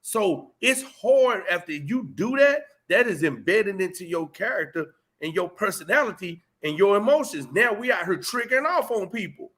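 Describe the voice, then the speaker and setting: A man's voice: sits high, animated, moderate pace, fairly bright tone. A man in casual conversation, speaking emphatically in street slang and acting out heated exchanges as he tells a story. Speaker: host.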